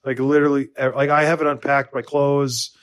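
A man's voice: medium pitch, little pitch movement, fairly quick. Rambling, self-mocking American man. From United States. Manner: rambling, self-deprecating, lots of restarts and fillers. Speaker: podcast co-host. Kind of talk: casual chat.

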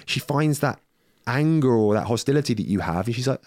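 A man's voice: mid-range voice, expressive, brisk, a little mellow, no room sound, clean studio sound. A man talking in a casual podcast conversation, rambling with many restarts and getting heated and sweary.

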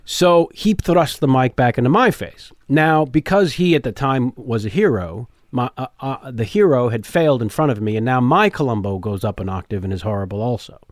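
A man who is a guest on a podcast tells a long story with lively energy and acts out voices along the way. His pitch is in the middle range. The sound is dry and close, recorded on a studio mic in a garage. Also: normal speed, hardly any pauses, no room sound. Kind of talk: animated storytelling in casual chat.

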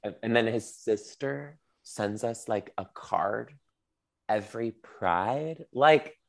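A man chatting casually as a podcast guest, telling quick stories full of "like". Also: lowish voice, lively intonation, gravelly. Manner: quick, chatty storyteller with many "like"s. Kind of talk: casual chat.

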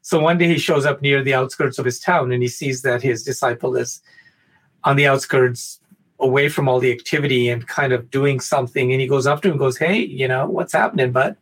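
A man talking on a podcast, telling a spiritual parable in an animated way, stumbling over many restarts. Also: mid-range voice, brisk. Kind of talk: spiritual talk and storytelling.

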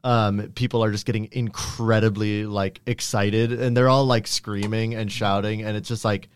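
A low-pitched man runs a tabletop game in a loose, chatty way, full of likes and ums. His voice sits close to the mic in a dry, dead room. He tells the scene as it comes and drops into quick voices for the people in it. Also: flat delivery, smooth, dry recording. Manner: casual, filler-heavy narration with quick put-on voices for townsfolk. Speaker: game master.

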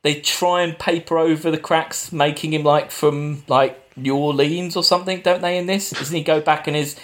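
A man's voice: a little high, fairly even intonation, moderate pace. A man co-hosting a podcast, casually recapping film scenes and quoting lines. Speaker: podcast co-host.

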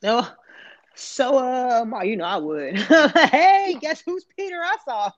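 A woman's voice: sits high, animated, slow pace. A woman in casual podcast chat, talking candidly and profanely, rambling with lots of slang and filler words. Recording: muffled lo-fi recording.

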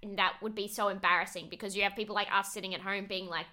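A woman co-hosting a casual podcast, her voice very bright and ringing. She talks in an animated way and swears freely, slipping into little acted-out voices for the people she describes. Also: medium pitch, fast talker. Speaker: podcast co-host. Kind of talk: casual chat recapping a reality show.

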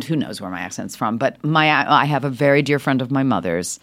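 A middle-aged woman, an actress, telling animated stories in an interview, her voice leaping up with laughter and acted-out lines. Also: fairly quick, few pauses. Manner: lively, swings high with laughter and voices. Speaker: actress guest.

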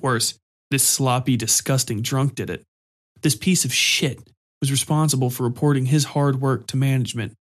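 A man reading a story aloud in a steady, even narration. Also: medium pitch, normal speed.

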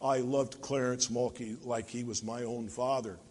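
A man's voice: mid-range voice, level tone, moderate pace, a little mellow, long reverb tail, a little hiss or hum. A man preaching a sermon in a church, telling funny stories and acting out the voices in them. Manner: jokey storyteller, acting out voices in the tales. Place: church sanctuary.

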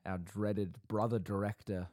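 A man with a low, deep voice chats and teases on a podcast, leaning into mock-dramatic asides. He sounds close to the mic in a dry, dead room, a home office setup. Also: little pitch movement, a little slow, darkish tone, no echo. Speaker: podcast co-host. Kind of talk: casual chat. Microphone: podcast microphone.

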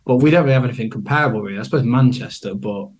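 Relaxed friendly guy from the northwest, guest on a chatty podcast. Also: medium pitch, rapid-fire. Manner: relaxed, friendly, easygoing banter. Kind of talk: casual podcast chat.

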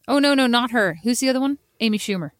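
A woman's voice: a little high, quick pace, no echo, studio quality. A young woman co-hosting a podcast, chatting casually and teasingly with her sister, telling stories with lots of laughter. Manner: teasing, animated storyteller, giggly. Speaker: podcast co-host. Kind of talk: casual chat between sisters.

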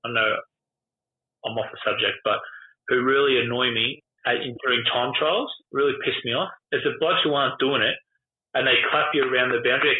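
A middle-aged Australian man rambles through sweary footy stories in an easy podcast chat, slipping into quick imitations of teammates and coaches. His mid-range voice comes through thin and phone-like, with a noticeable echo of the room around him. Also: mid-range voice, fairly even intonation, slight background noise. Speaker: former footballer guest. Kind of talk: casual podcast storytelling.

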